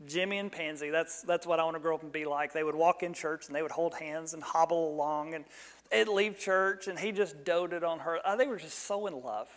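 Animated preacher in an echoing hall. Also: male voice, on the high side. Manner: animated storytelling, jumps loud on quoted lines. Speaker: pastor. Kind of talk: sermon with personal story.

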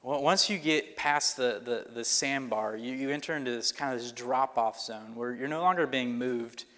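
A man's voice: mid-range voice, normal speed, a bit bright. Pastor guy telling a story in his sermon, chatty and rambly, big echoey church hall. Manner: conversational, rambling with fillers and restarts. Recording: long reverb of a hall.

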